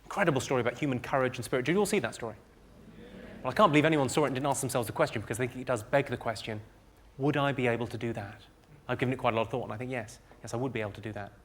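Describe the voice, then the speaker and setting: Recorded live at a comedy show, this comedian has a mid-range voice and a rapid-fire, clipped, deadpan delivery of one-liners. He speaks with posh southern English received pronunciation, being from the home counties, and the audience laughs loudly.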